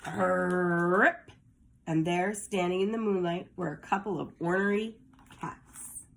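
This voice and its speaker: Slow, animated storybook reader woman. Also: lowish voice, slight background noise. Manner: slow, animated read-aloud for kids. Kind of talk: reading a children's picture book aloud.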